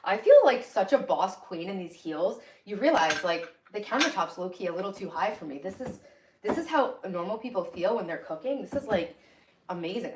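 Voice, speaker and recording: A woman's voice: mid-range voice, a little hiss or hum. A bubbly, enthusiastic woman hosting a casual livestream from her home kitchen, reading viewer comments aloud. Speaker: livestream host.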